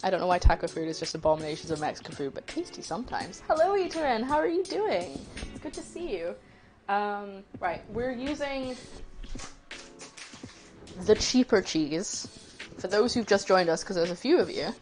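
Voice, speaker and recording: A woman's voice: medium pitch, big pitch swings, normal speed, a little mellow, faint music behind. A woman hosting a cooking livestream, chatting casually and rambling, laughing easily as she greets her chat.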